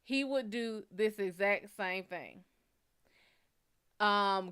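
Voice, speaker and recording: A woman's voice: mid-range voice, extremely slow, long pauses, clear, resonant tone. A woman hosting a live show, casually telling a blunt, profane dating story and acting out the quoted lines. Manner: candid, profane, animated storytelling with quoted dialogue. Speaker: psychic reader host.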